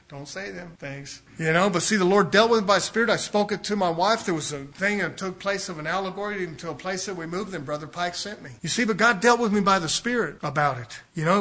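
A middle-aged man preaching a sermon as pastor, folksy and emphatic, swinging between loud and soft. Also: sits high.

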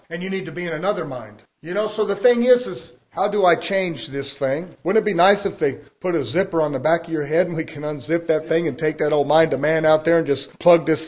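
High-voiced folksy preacher man. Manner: folksy, emphatic preaching with acted-out quotes. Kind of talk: sermon.

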